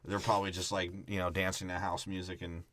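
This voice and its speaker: A young man co-hosting a podcast, joking crudely in casual, animated chat. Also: deep voice, quick pace. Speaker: podcast co-host.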